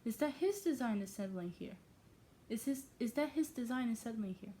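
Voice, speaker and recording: A woman's voice: a little high, expressive, normal speed, warm tone, a little hiss or hum, natural voice. A woman who is not a native English speaker voicing a dry, weary middle-aged husband who teases his wife.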